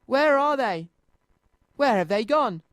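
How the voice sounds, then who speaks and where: A man's voice: high-pitched, expressive, moderate pace, no echo. A man voicing Noddy, an eager and fretful little toy boy, in a children's storybook reading full of anxious exclamations.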